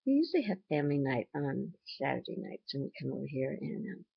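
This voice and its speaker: A woman's voice: sits low, big pitch swings, fast talker, gravelly, slightly rough, no room sound, muffled recording. An older woman, a grandmother, talking in a casual vlog with an earnest, chatty manner. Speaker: vlogger and grandmother.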